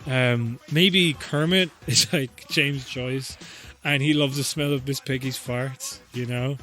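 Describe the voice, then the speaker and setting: Brief: guy, mid-pitched, loose, sweary comedic podcast rambler. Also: fairly even intonation, slow pace, pushed and bright. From Ireland. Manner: profane, rambling, joking, laughs often. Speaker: podcast host.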